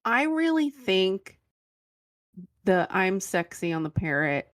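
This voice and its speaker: A woman's voice: medium pitch, very animated, slow pace. Podcast lady recapping stuff, laughs a lot, easygoing. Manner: giggly, recapping. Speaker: podcast co-host. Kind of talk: casual chat.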